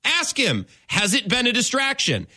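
A man's voice: extremely high pitch, huge pitch swings, moderate pace, bright, forceful tone, no room sound. A man hosting a sports talk radio show, ranting emphatically with mock exasperation. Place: radio studio.

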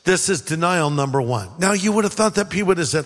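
A man's voice: high-pitched, sing-song, a little fast, hardly any pauses, a bit bright, in a large hall. A man from California preaching a sermon in a conversational way, acting out quoted lines. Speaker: pastor.

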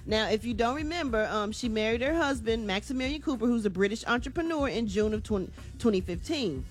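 A woman's voice: fairly high pitch, lively intonation, fairly quick, faint music behind. Chatty woman radio host. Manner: chatty, casual, uses "y'all". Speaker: radio entertainment news host. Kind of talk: morning radio show segment.

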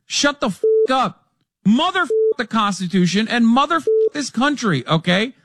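A man shouting crude insults in a clip played on air. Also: very high-pitched, big pitch swings, normal speed, dry recording, studio quality.

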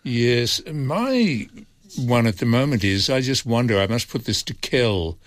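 A man's voice: medium pitch, expressive, measured pace, dry recording. A man hosting a radio show, with a dry, wry sense of humour. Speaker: radio host. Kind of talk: casual radio chat.

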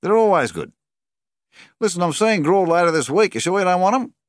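A man's voice: sits high, lively intonation, fairly quick, no echo, studio quality, voice pushed up. A man reading an audiobook voices a talkative, pushy male cattle agent who keeps pressing a sale.

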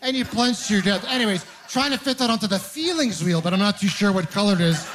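Man, young adult, stand-up comedian, somewhat high pitch, self-deprecating, animated rants, handheld mic. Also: fast talker. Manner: rambling, self-deprecating storytelling with animated asides. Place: comedy club stage with live audience.

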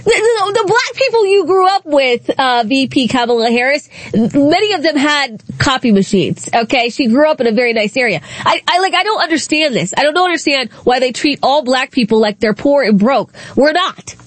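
A woman hosts a talk show in a nasal, high-pitched voice. She talks casually and sarcastically and laughs often. The sound is dry and close, with no room echo. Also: expressive, normal speed, hardly any pauses. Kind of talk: casual political commentary.

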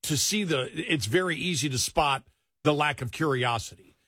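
A middle-aged man, a talk host, speaking bluntly and emphatically in casual political chat, often halting on fillers. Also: a little high, bright, forceful tone, slightly rough, no room sound, clean studio sound.

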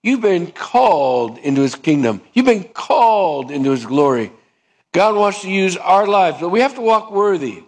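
A man preaching a sermon in a conversational way, asking his listeners questions and acting out little dialogues. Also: high-pitched. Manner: conversational, asks the congregation questions; acts out dialogue to illustrate points. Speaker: pastor.

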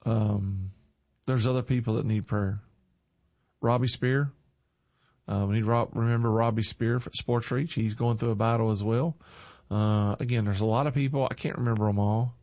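A man's voice: fairly low pitch, steady tone, moderate pace, a little mellow, dry recording, dull audio. Folksy middle-aged man telling corny jokes. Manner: laughs at his own jokes, earnest and folksy. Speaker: online show host. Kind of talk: casual chat to viewers, corny jokes.

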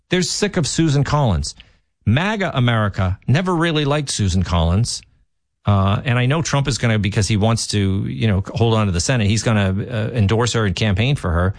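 A man's voice: medium pitch, dry recording, clean studio sound. A man filling in as a talk radio host, giving opinionated political commentary with emphatic, restarting delivery.

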